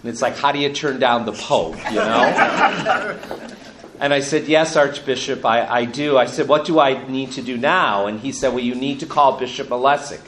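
A man's voice: medium pitch, normal speed, noisy background. A bishop in his fifties telling a personal story to an audience, good-humored and chuckling as he goes. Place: room with an audience. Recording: roomy hall echo.

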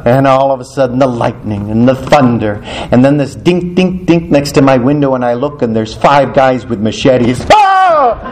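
A man's voice: medium pitch, normal speed, few pauses, darkish tone. A male priest preaching in a church, telling stories animatedly, often laughing and acting out the dialogue. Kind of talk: storytelling sermon.

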